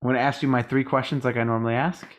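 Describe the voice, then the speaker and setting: A man's voice: mid-range voice, fairly even intonation, racing. A tired man co-hosting a podcast, rambling in casual chat, swearing freely and acting out other people's lines. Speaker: podcast co-host.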